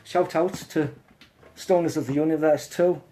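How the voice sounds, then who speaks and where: A man's voice: a little high, fairly even intonation, normal speed, mellow, slight background noise. A man hosting a casual live stream from his phone, talking bluntly and swearing as he calls someone out.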